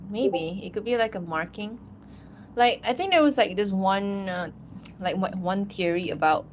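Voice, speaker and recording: A woman's voice: fairly low pitch, slight background noise. A woman animator chatting casually on a livestream, rambling and giggling, with lots of fillers. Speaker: animator streaming while answering chat.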